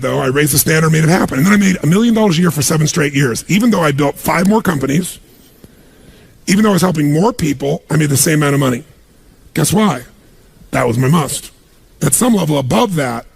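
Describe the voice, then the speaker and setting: Pushing a live audience with command after command, a motivational speaker gives an emphatic seminar talk in a large room. His fairly high voice is husky with vocal fry, animated, and fairly quick.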